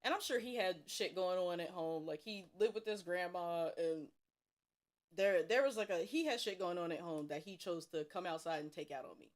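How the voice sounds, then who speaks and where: A woman's voice: on the low side, moderate pace. Profane young woman telling stories. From Cincinnati, USA. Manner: profane, animated storytelling with bursts of laughter. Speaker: streamer. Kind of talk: casual storytelling while drawing.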